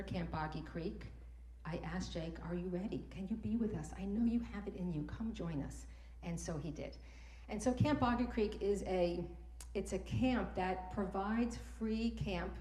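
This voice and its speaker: A woman's voice: mid-range voice, warm tone. Heartfelt woman telling a story on stage. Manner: heartfelt, emotional, repeats words when moved. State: tearful at times. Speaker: speaker at a morning talk event. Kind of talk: personal storytelling talk. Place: event room. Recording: echoey room.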